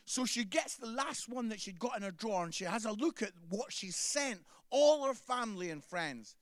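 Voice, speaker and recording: Scottish guy doing stand-up, high voice, bouncy, dry close sound. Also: expressive, normal speed, fairly bright tone, no echo. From Scotland. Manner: chatty, tags lines with "yeah?". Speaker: stand-up comedian. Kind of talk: stand-up comedy set.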